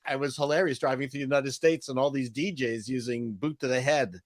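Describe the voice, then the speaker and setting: A man with a Toronto Canadian accent, a guest in a casual chat, telling animated stories and quick jokes. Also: medium pitch, no echo, studio quality.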